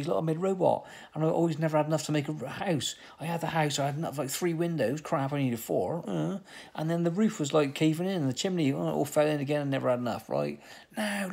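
A man's voice: on the high side, creaky, breathy edge. A man in his fifties with an English accent, rambling in a self-mocking vlog monologue and arguing with himself. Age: 50s. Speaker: vlogger. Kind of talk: casual comic monologue.

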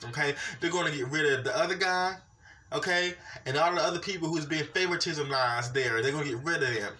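Young man, animated vlog rant, bright voice, recorded from a distance. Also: a little high, a little fast. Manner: animated, repetitive, keeps saying "you know what I'm saying". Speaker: vlogger. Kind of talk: ranting personal vlog.

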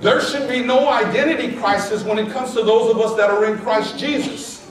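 A man's voice: very high voice, steady tone, normal speed, few pauses, very echoey, distant mic, rough recording. A man preaching a sermon to a congregation, stressing key words and calling for responses. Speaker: pastor. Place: church sanctuary.

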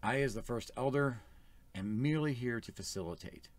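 A man's voice: medium pitch, moderate pace, no echo. A man speaking as first elder of a small church, giving an earnest, plain-spoken sermon.

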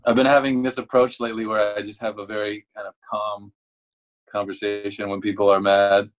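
A man's voice: fairly low pitch, flat delivery, fairly quick, rough recording. A jokey man in casual chat on a video call. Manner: jokey, bursts into shouted mock outrage. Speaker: band member on a video call.

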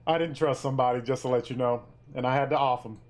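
A man streaming a multiplayer game, talking loudly and teasing his friends with lots of laughter. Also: medium pitch, steady tone, quick pace. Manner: loud, teasing, laughing often. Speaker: gaming streamer. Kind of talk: casual gaming stream banter.

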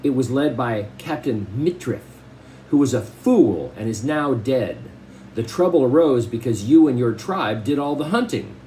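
A man's voice: mid-range voice, expressive, a little slow, mellow, a little hiss or hum, close to an everyday voice, low-quality recording. A man reading as a blunt, bargaining sea captain. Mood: demanding.

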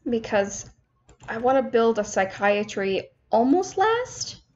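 Young woman, gaming commentary, rambling and self-mocking, fairly high voice, slightly dull home mic, keyboard clicks. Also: big pitch swings, takes it slowly, darkish tone. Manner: chatty, self-mocking, talks to herself while playing. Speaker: gaming streamer. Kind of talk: casual let's-play commentary.

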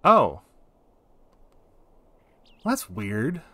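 A man's voice: medium pitch, wildly swooping pitch, very slow, bright, forceful tone. A man in his forties giving casual, rambling commentary while streaming a game. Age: 40s. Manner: rambling, digressive.

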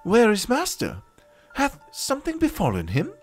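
A man voicing a young woman huntress who speaks in old-fashioned thee-and-thou English and talks gently to her animal. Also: extremely high pitch, wildly swooping pitch, moderate pace, soft background music, voice pushed up, exaggerated voice. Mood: worried.

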